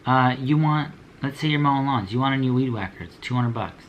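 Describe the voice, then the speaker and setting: Young man, motivational talk, blunt, slangy, repeats slogans, mid-pitched, faint background noise. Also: fairly quick, lo-fi sound. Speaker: motivational speaker. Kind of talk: motivational talk to business owners.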